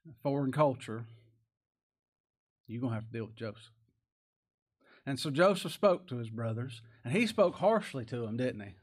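A man's voice: mid-range voice, darkish tone. Pastor, male, folksy sermon delivery, mid-range voice, emphatic rising bursts.

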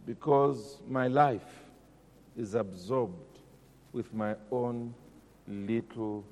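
A man preaching a sermon, dramatic, dropping to a hush and then rising loud. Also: mid-range voice, fairly even intonation, very slow, in a large hall, slight background noise. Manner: dramatic, swings between hushed and loud.

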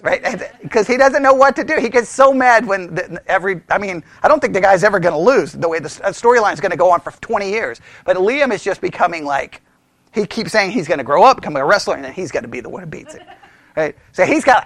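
A man teaches a Bible study in a bright, very high voice that leaps up and down as he talks. He keeps it animated, laughs often and throws questions to the group. The sound is close and dry, with no room echo. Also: fast talker.

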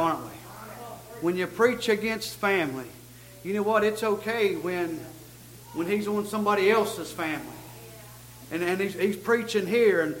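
A man's voice: high voice, bright, forceful tone, echoey room, a little hiss or hum, rough recording. A middle-aged man preaching a sermon in a church, with folksy emphasis and frequent stammered restarts. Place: church sanctuary.

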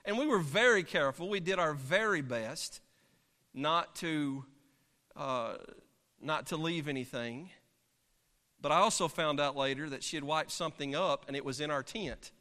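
A man, a pastor, preaching and telling a story from the pulpit in an animated, dramatic way, heard in a church sanctuary. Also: on the high side. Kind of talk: sermon storytelling. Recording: long reverb of a large hall.

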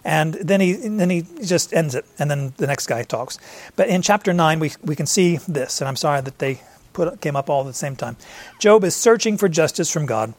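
A man's voice: on the high side, animated, normal speed. A man teaching a conversational Bible study, working through verses, often restarting phrases and paraphrasing the characters. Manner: explains verse by verse with frequent restarts and paraphrased quotes.

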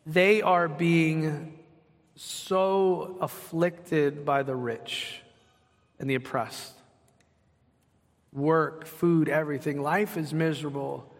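Middle-aged pastor preaching in a reverberant hall. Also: male voice, a little high, fairly even intonation, takes it slowly, pauses often. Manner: conversational, asks the congregation questions. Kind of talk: sermon. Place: church sanctuary.

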